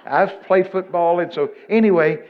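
A man from Texas with a Texan accent, telling a humorous story to a live audience. He swings from mumbled asides to loud exclamations. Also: sits high, normal speed, highs cut off. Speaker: speaker addressing an audience.

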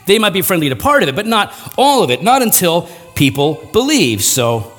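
A man preaching a sermon, animated and self-deprecating, acting out quick voices mid-sentence. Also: high-pitched, big-room sound, soft background music. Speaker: pastor.

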